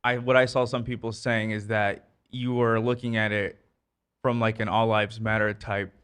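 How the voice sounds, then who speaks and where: A man's voice: on the low side, level tone, moderate pace, a bit bright, clean tone. A man on a podcast who speaks hesitantly and carefully, passing on what other people said. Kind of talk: casual podcast discussion.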